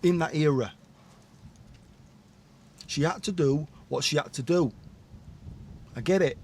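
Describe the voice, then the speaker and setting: A man's voice: on the high side, unhurried, darkish tone, a little hiss or hum. A man telling his own life story in a candid, rambling monologue, full of blunt asides and tag questions.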